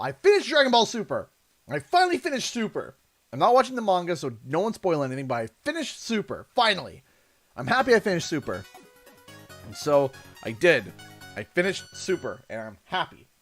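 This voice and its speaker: A man's voice: sits high, wildly swooping pitch, moderate pace, a bit bright, soft background music. A Canadian man hosting a livestream, chatting in a rambling, effusive way and thanking viewers over and over. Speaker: livestream host. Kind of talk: casual livestream chat.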